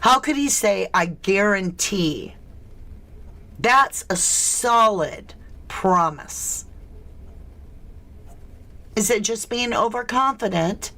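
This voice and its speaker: Slow-talking woman livestream host. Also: on the high side, sharp tone. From southern United States. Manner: chatty, greets viewers, questioning tone. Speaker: true crime livestream host. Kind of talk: casual livestream chat.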